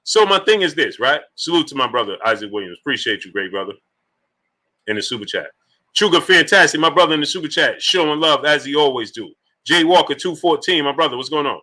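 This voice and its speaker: A man's voice: fairly high pitch, lively intonation, fast, sharp tone. A man hosting a boxing talk live stream, reading out super chats and firing repeated rhetorical questions at the chat. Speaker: boxing talk show host.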